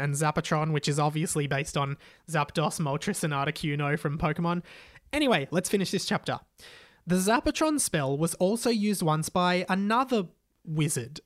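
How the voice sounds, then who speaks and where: A man's voice: fairly high pitch, dry recording, clean studio sound. A young man reading his old fan story aloud and mocking it, laughing often as he comments. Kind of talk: casual comic reading with commentary.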